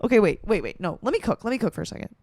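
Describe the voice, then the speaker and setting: A woman's voice: mid-range voice, big pitch swings, racing, gravelly, darkish tone, no room sound. A woman in her twenties, talking in a playful, rambling, swearing comedic monologue. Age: 20s. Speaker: vlogger.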